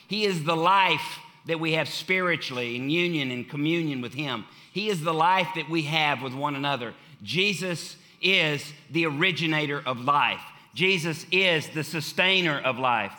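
Bright-voiced man preaching a sermon. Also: on the high side. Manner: emphatic, repeats key phrases, swings from loud to hushed. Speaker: pastor. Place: church sanctuary.

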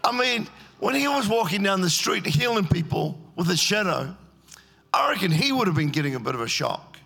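A man's voice: high-pitched, big pitch swings, fairly quick, vocal fry, a bit bright, breathy edge. A man preaching a sermon, telling the story and acting out its scenes in character voices. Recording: echoey hall.

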